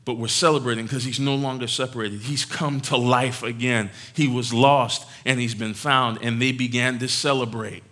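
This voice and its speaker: Male preacher, bright tone, animated and conversational sermon delivery. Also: medium pitch, moderate pace, few pauses. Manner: animated, conversational, teasing the congregation.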